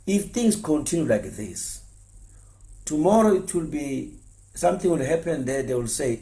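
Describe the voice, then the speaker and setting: A former pastor, speaking earnestly and repeating himself, stumbling over words when heated. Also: male voice, medium pitch, normal speed, vocal fry, warm tone. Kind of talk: impassioned spoken address.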